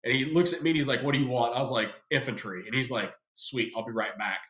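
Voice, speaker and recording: A man's voice: mid-range voice, fast talker, fairly bright tone. A man from California spins a story in loose, slangy talk, putting on the voices of the people he met. His voice sits in the middle range. The room around him has an audible echo. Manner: laid-back, slangy, acts out quoted voices. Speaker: guest. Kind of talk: casual storytelling. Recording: roomy echo.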